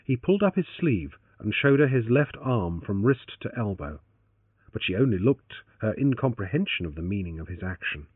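A man's voice: lowish voice, very animated, moderate pace, breathy edge, no room sound. A man narrating an adventure novel as an audiobook. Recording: tinny phone-like, dry.

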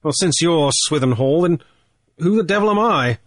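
Male narrator as a gruff poacher captain, blunt, hard-edged, dry close sound. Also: on the high side, lively intonation, normal speed, no room sound, pitched above the performer's own voice, close to an everyday voice. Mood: guarded, blunt. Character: hard, dangerous adult male sea captain. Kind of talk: audiobook character voice.

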